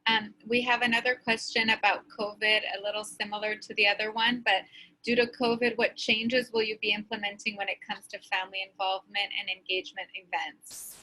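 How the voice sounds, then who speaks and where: Woman moderator, bright tone, flat even delivery, reads listener questions. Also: mid-range voice, brisk, slight background noise, low-quality recording. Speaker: webinar moderator. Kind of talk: reading audience questions.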